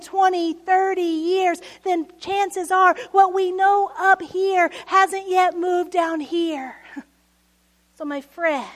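High-voiced woman preaching slowly. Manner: conversational preaching with asides and soft chuckles; drops to a hushed whisper on key lines. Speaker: pastor. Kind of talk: sermon.

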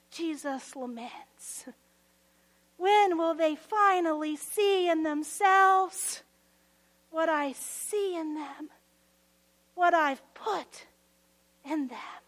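A woman preaching a sermon, earnest, swelling to emotional emphasis and dropping to soft near-whispers. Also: very high-pitched, drawn-out words, long pauses.

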